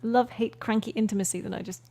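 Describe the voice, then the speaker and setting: A woman co-hosting a podcast in casual chat, trading dry, quick quips. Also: a little high, steady tone, dark tone. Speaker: podcast co-host.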